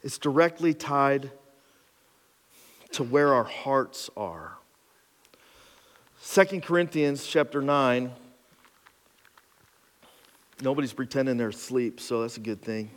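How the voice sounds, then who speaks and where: A man preaching a sermon as pastor, emphatic and building to loud passion, with casual asides and laughs. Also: mid-range voice, unhurried, long pauses. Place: church auditorium. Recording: long hall reverb.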